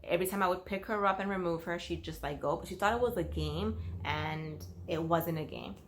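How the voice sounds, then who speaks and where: A woman's voice: lowish voice, a little fast. A woman who works as a nanny, telling a story in a casual vlog, chatty and full of fillers like "like" and "you know".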